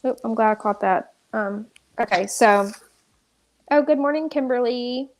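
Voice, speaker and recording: A woman's voice: fairly high pitch, a little slow. A woman ranting through live commentary, exasperated and restarting often. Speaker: drama commentary streamer.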